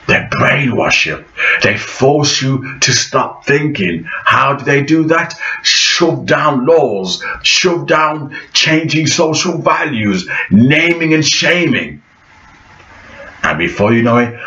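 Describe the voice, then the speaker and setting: A man's voice: mid-range voice, lively intonation, takes it slowly, bright, forceful tone. A man vlogging in a preachy, prophetic monologue, repeating phrases for emphasis. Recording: echoey room, dull lo-fi sound.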